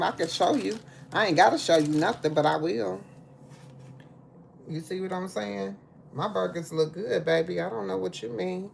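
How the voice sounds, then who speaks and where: Woman, low voice, casual livestream chat, home kitchen, slight background hiss. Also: moderate pace, vocal fry. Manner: chatty, talks to viewers, drawls "baby" and "y'all". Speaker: livestream host. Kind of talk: casual live cooking chat.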